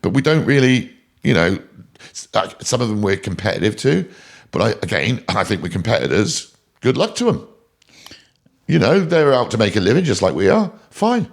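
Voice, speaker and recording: A man, a podcast guest and company chairman from England, chatting casually in a studio and telling animated, laugh-filled anecdotes. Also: on the low side, moderate pace. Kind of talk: casual storytelling chat. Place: recording studio.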